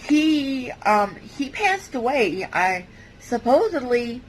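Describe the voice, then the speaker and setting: A woman vlogger giving a halting, hesitant personal testimony, with many fillers and restarts. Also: high-pitched, very animated, a little hiss or hum, rough recording.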